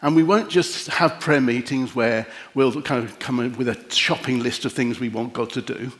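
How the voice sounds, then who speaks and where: A middle-aged man preaching a sermon and leading a prayer, gentle and reflective with long pauses. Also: mid-range voice. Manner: emotional, easily moved.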